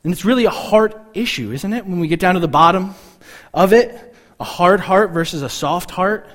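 A man's voice: sits high, animated, a bit bright. Conversational male pastor preaching a sermon. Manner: conversational, acts out listeners' reactions in quick asides.

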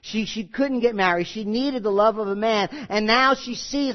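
A man's voice: high-pitched, moderate pace, few pauses. A male pastor preaching a sermon in a folksy, joking way that turns earnest and emphatic. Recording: slightly muffled recording.

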